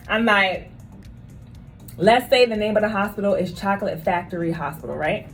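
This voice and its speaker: A woman's voice: medium pitch, normal speed, soft background music. Emphatic woman nurse vlogging. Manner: emphatic, talks straight to viewers, repeats phrases for stress. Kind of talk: casual storytelling vlog.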